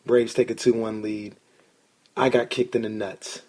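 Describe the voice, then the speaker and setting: A man hosting a casual sports podcast, an excitable storyteller who swears when he gets worked up. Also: on the low side, unhurried, slightly rough. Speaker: podcast host.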